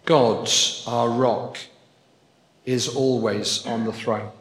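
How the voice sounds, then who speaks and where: A man's voice: mid-range voice, fairly even intonation, slow. A man preaching a sermon, earnest and building to emphatic repetition. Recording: echoey hall with long reverb.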